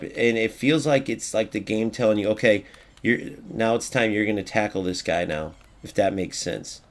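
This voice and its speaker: A man's voice: fairly low pitch, gravelly. A man streaming a football video game, commenting live, swearing freely and talking to his viewers. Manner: excitable, swears freely, talks to chat. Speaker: gaming streamer.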